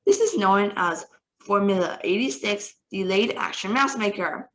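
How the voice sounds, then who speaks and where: A woman reading a storybook aloud, voicing a tiny, furious female witch leader who shouts and shrieks her orders. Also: mid-range voice, a little slow, highs cut off, lightly acted. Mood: scornful. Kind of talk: read-aloud storybook acting.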